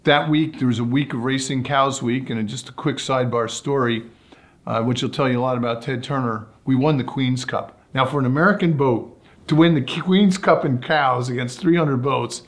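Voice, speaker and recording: A man tells long stories about ocean racing as an interview guest. His delivery is relaxed and anecdotal, and his voice sits at a mid pitch. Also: moderate pace. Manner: relaxed anecdotal storytelling, acts out quotes. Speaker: guest, sailor and sailing commentator. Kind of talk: storytelling in a podcast interview.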